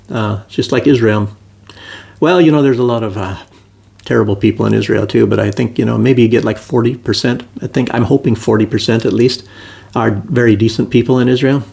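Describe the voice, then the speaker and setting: Gravelly rambling male commentator. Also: mid-range voice, darkish tone. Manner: rambling, many fillers and restarts. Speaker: political commentator. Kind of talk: casual political commentary monologue. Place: Belarus.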